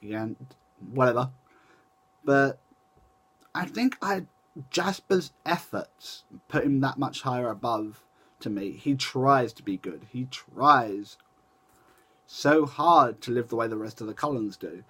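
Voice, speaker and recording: A man's voice: medium pitch, expressive, slow pace, pauses often, a bit bright, husky. A young man chatting casually to camera in a rambling way, often restarting and correcting himself. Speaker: vlogger.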